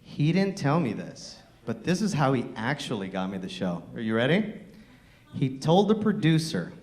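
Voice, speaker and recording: A brash, crude male stand-up comedian telling stories on a club stage, with a slightly high voice. He chuckles often at his own lines.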